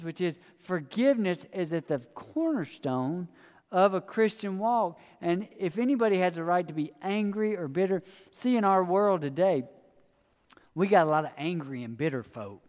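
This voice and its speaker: A man delivers a sermon in a fairly high voice. He speaks in a folksy, storytelling way, talking straight to the congregation. His voice carries a long reverb from a large church hall. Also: animated, moderate pace. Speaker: pastor.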